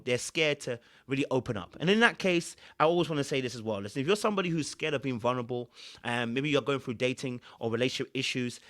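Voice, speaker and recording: A man's voice: medium pitch, fairly bright tone. A man, a relationship coach giving emphatic, preachy reaction commentary.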